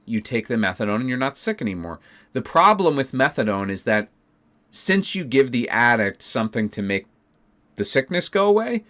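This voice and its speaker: A young man who streams, telling a story to his viewers in a heated, profane rant that swings from loud outbursts to low mutters. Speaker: streamer and former teacher.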